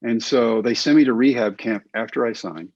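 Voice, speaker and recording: Casting note: middle-aged male storyteller, husky voice, dull dry lo-fi sound, animated. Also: mid-range voice, normal speed, no echo. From Texas. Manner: animated, acts out quoted voices. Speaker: guest, former baseball pitcher. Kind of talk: casual storytelling interview.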